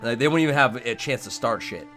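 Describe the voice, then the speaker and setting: A man's voice: medium pitch, lively intonation, fast, a bit bright, faint music behind. A young man hosting a game live stream, talking casually with his chat in a rambling, profane way.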